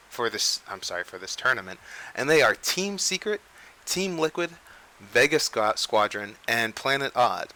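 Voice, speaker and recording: A man's voice: medium pitch, bright, forceful tone, low-quality recording. A young man hosting a casual game news show, rambling and often restarting his sentences. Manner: rambling, frequent restarts and self-corrections. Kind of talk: casual unscripted news chat.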